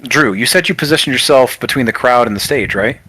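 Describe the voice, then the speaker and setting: Game master of a tabletop game on an online call. His voice is bright and forceful. The sound is dry and close, and he rambles through vivid descriptions full of fillers. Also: medium pitch, a little fast, breathy edge, dry recording.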